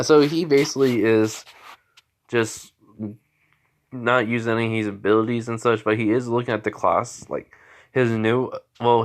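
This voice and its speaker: A young man casually retelling a story, rambling with lots of fillers and restarts. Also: mid-range voice.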